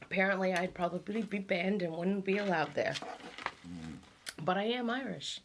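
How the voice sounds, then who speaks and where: A woman's voice: mid-range voice, moderate pace, noisy background. A middle-aged woman hosting a casual vlog, reading out facts and musing aloud about them. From born and raised on an island. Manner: muses aloud, reads facts then reacts with laughs. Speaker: vlog host.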